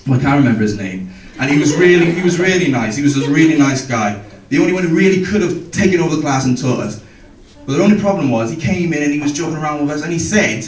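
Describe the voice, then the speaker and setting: A young man doing stand-up, telling school stories in an animated way, swearing freely and jumping into character voices. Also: on the high side, fast talker. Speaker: stand-up comedian. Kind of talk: stand-up storytelling. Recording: roomy, distant, noisy stage recording.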